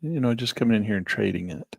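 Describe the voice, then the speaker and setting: A man's voice: on the low side, lively intonation, fast talker, creaky, husky, dry recording, clean studio sound. A man on a headset mic teaching a live trading lesson, chatting and thinking aloud as he works through charts. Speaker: trading instructor. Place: small office near a parking lot.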